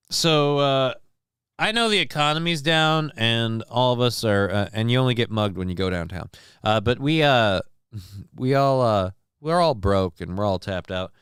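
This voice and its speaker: A man hosting a livestream show, talking in a casual, rambling way with frequent swearing and halting fillers. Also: mid-range voice, fairly bright tone, clear, resonant tone, no echo, studio quality.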